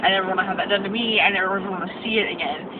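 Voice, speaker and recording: A woman's voice: medium pitch, fairly even intonation, rapid-fire. A young woman venting about her medical assistant class in a vlog, ranting and acting out what others said. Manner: ranting, acts out quoted people. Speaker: medical assistant student vlogger. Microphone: phone camera. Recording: tinny phone audio with noise.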